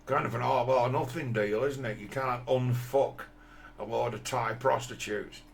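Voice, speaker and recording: A man's voice: mid-range voice, fairly even intonation, moderate pace, creaky, a little hiss or hum. A man, talking bluntly in a rambling, profane monologue full of restarts. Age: 50s. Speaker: commentator.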